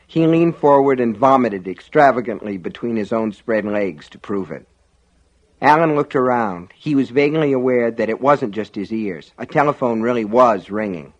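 A man reading an audiobook in a measured, dramatic storytelling manner. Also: medium pitch, expressive, dull audio. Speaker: audiobook narrator. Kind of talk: scripted audiobook narration.

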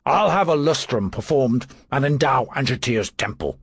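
A cold Roman dictator who gives orders calmly and without hurry, in a male narrator's reading. The voice is husky and dry. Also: medium pitch, moderate pace, no echo. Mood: commanding.

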